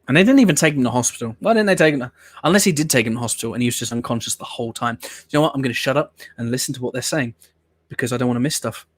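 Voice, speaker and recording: A man's voice: medium pitch, rapid-fire, dry recording. Man rambling through dry reaction commentary. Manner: rambling, opinionated, swears casually. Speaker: host of a watch-along show.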